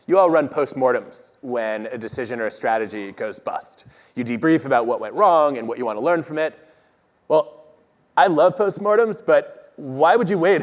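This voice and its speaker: A man, an organizational psychologist, telling stories on stage in an animated, self-deprecating way. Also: medium pitch. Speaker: organizational psychologist guest speaker. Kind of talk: conversational talk on stage. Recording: dull audio with long hall reverb.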